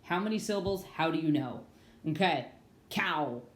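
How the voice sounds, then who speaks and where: Upbeat young woman teacher for a kids' online reading lesson; lower voice, roomy echo. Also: expressive, normal speed. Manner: upbeat and playful, sings phrases.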